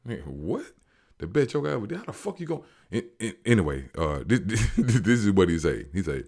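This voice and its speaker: Deep-voiced man, slangy animated recap. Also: fairly quick. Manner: animated, slangy, acts out quotes. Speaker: show recapper. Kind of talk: casual storytelling recap.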